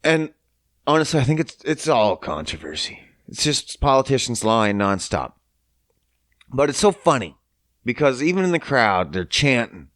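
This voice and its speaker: A man's voice: mid-range voice, very animated, normal speed, a bit bright, dry recording, clean studio sound. A man from Canada hosting a podcast, ranting in a casual, profane, incredulous and sarcastic way. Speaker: podcast host. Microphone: podcast mic.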